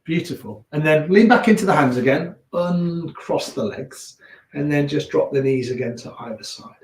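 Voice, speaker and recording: Calm Leicester man guiding yoga. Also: on the high side. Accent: Leicester English. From England. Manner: calm, unhurried cues with chatty asides. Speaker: yoga teacher. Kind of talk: guiding a gentle yoga class. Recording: echoey room.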